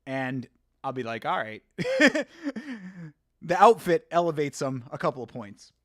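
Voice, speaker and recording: A man with a mid-range, slightly mellow voice hosts a live watch-along stream at a moderate pace. He chats casually, rambling and laughing as he reads messages from chat. The sound is clean studio quality with no room echo.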